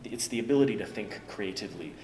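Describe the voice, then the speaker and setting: A man's voice: on the low side, animated, quick pace, darkish tone, slight background noise. Jovial older man explaining, echoey room. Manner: jovial, self-deprecating, peppers speech with "right?". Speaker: business professor. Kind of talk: conversational teaching. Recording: echoey room with music behind.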